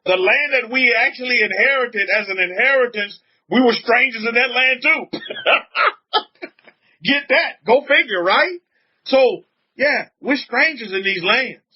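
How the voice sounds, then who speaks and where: A man, a rabbi, preaching emphatically on a livestream, reading out chat comments and repeating his points. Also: unhurried. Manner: emphatic, repetitive preaching with frequent pitch swings. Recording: dull lo-fi audio.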